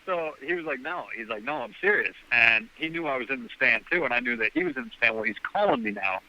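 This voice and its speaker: Bright, sharp-voiced man telling a story. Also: medium pitch, sing-song, fast, creaky, muffled recording. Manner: rambling, acts out the dialogue with "I'm like" quotes. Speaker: guest hunter. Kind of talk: casual storytelling.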